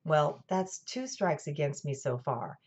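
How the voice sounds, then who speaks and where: A woman with a General American accent, giving a scripted lecture in a clear, measured way with dry asides. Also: deep voice, expressive, darkish tone. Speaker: college lecturer. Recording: dull lo-fi recording.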